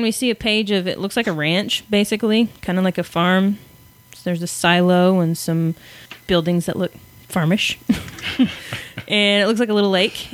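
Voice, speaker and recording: A woman casually recapping a comic story on a podcast, chatty and self-deprecating. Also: medium pitch. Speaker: podcast co-host.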